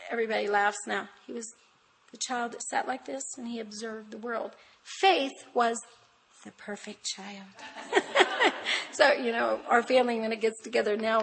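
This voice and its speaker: A woman's voice: on the high side, vocal fry, a bit bright, slight background noise, rough recording. An older grandmother speaking as a guest at a women's conference, in a chatty, emphatic, sermon-style talk full of family anecdotes. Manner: chatty and emphatic, addressing the audience directly; homespun storytelling with family anecdotes.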